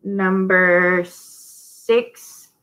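A woman's voice: on the low side, steady tone, very slow, a bit bright, poor audio. A woman hosting a casual live-stream sale, chatty and rambling, greeting viewers by name. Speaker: host of a live online sale.

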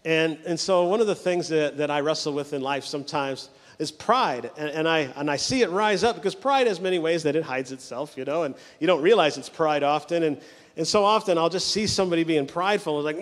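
A male pastor preaching a sermon, telling stories with quick mimicry of the people in them. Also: a little high, big-room sound.

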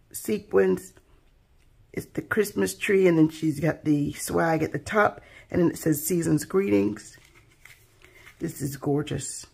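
A woman with a husky, slightly gravelly voice talks softly to her viewers as she unboxes handmade craft pieces. She gushes over every detail in a relaxed, casual way, her words trailing off into quiet admiration. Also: deep voice. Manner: soft-spoken, gushing, admiring. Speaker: craft channel host.

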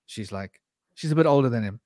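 A man's voice: mid-range voice, lively intonation, a little fast, dark tone, no echo, studio quality. A man hosting a candid conversation, telling long rambling personal stories full of asides and restarts. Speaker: podcast host.

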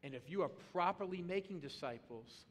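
A man preaching a sermon as pastor, animated and comic, swinging into loud excited bursts. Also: high-pitched, a little fast. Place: church auditorium. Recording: long reverb of a large hall.

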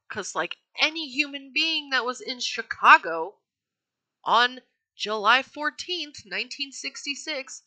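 A woman's voice: sits high, expressive, a little slow, bright, forceful tone. A woman hosting a true-crime podcast, telling the story in a chatty, profane way with lots of fillers and self-corrections.

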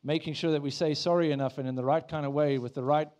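A man's voice: a little high, steady tone, fast talker, darkish tone. A man preaching a sermon in church, talking in a conversational way, with many restarts and prayers he acts out in the first person. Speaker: pastor.

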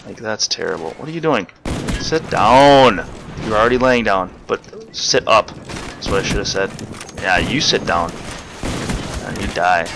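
Young male gamer, chatty and excitable, low fry-edged voice over loud game fire. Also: moderate pace, noisy background. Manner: chatty, rambling, excitable bursts. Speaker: gamer doing live commentary. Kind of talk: live gameplay commentary. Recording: game gunfire loud in background. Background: gunfire and game sounds.

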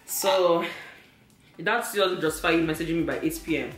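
A woman's voice: fairly low pitch, moderate pace, reverberant, soft background music. A young woman, teasing and laughing as she chats with her partner. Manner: teasing, laughing, lively storytelling. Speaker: vlogger. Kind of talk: casual couple chat.

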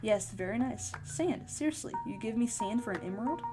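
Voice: mid-range voice, animated, brisk, natural voice. Casting: storyteller doing a fed-up adventurer woman miner, sputtering, with music underneath. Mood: exasperated. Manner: exasperated, sputtering. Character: irritable female miner adventurer.

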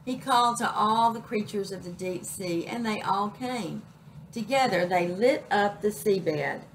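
A woman reading a children's picture book aloud as a librarian, slow and expressive. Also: medium pitch, a little hiss or hum, poor audio. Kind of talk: children's story read-aloud.

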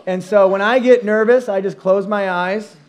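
A middle-aged man, a pastor telling stories in a sermon, animated and self-mocking, acting out voices and sounds. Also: sits high, normal speed. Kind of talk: storytelling sermon. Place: church stage.

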